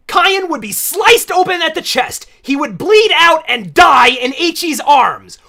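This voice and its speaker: A woman's voice: high-pitched, sing-song, measured pace, hardly any pauses, sharp tone. A woman reviewing a cartoon with sarcastic, ranting commentary and mock outrage.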